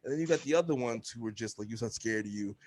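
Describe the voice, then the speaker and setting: A young man hosting a casual podcast, telling animated stories, swearing freely and acting out quotes in a high voice. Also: quick pace. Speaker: podcast host. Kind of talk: casual chat.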